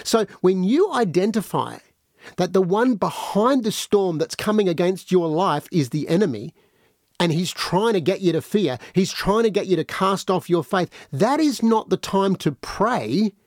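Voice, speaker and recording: Lively high-voiced male preacher. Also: a little slow, no room sound, clean studio sound. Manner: animated, acts out quoted voices. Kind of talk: podcast sermon.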